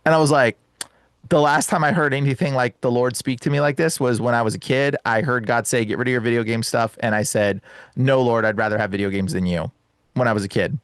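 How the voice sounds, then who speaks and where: A young man telling an excited personal story as a podcast guest, laughing often and calling the host bro and dude. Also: medium pitch, fairly quick, clear, resonant tone, no echo.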